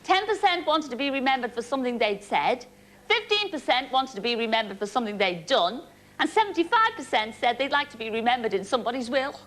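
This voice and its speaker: A woman's voice: a little high, big pitch swings, fast talker. A woman hosting a TV game show, cheeky and teasing as she jokes with contestants. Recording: TV studio with loud audience noise.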